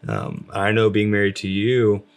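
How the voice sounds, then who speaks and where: A man's voice: on the low side, level tone, normal speed. A man talking casually about faith with his wife, rambling with lots of fillers and restarts. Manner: rambling, many fillers, self-described loud.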